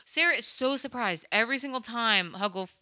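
A woman's voice: a little high, brisk, sharp tone, no room sound, clean studio sound. A woman on a podcast, rambling through a film recap in a loose, swearing, casual way. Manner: rambling, swears freely, acts out characters' lines.

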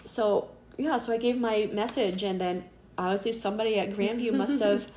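A woman's voice: medium pitch, fairly even intonation, moderate pace, darkish tone, roomy sound, a little hiss or hum. Chatty, earnest middle-aged woman. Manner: chatty, earnest, full of fillers; acts out quoted voices. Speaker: interviewee. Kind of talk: personal faith story in casual conversation.

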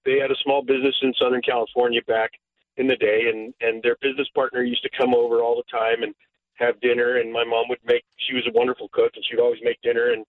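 A man's voice: mid-range voice, flat delivery, fast talker. Chatty man over a tinny phone. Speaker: caller. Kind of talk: phone-in storytelling.

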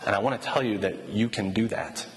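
A man's voice: lowish voice, a little fast. A man preaching a sermon in a casual, storytelling way, acting out quoted dialogue. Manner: conversational, animated retelling of quoted dialogue. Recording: reverberant hall with faint ambient noise.

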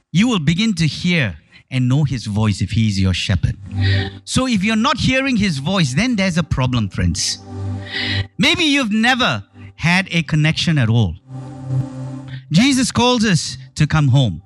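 A man's voice: on the high side, sing-song, measured pace, breathy edge, no echo. A male pastor preaching a sermon with emphatic, rising stress on lists and appeals, often repeating words and restarting phrases.

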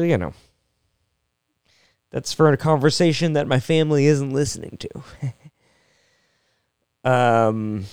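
A man's voice: fairly high pitch, darkish tone, smooth, no room sound, studio quality. A young adult man, a comedian, talking through a rambling, self-deprecating solo podcast monologue full of jokes and restarts.

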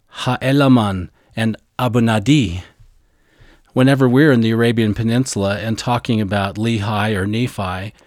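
A man co-hosting a scripture lesson podcast, eager and deliberate, carefully spelling out names and their pronunciations. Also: lowish voice, darkish tone, dry recording, studio quality. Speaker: podcast co-host teaching scripture.

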